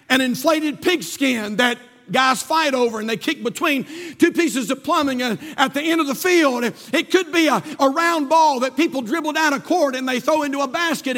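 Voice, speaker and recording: A man preaching a fervent sermon as pastor, firing off rhetorical questions and quoting scripture quickly, in a large church sanctuary. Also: very high voice, fairly bright tone. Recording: long hall reverb.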